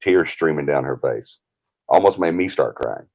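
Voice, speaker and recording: Brief: low-voiced Southern man, fired-up live-stream rant, muffled lo-fi audio. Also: normal speed, a little mellow. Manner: heated, indignant, confrontational. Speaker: paranormal team leader, stream host.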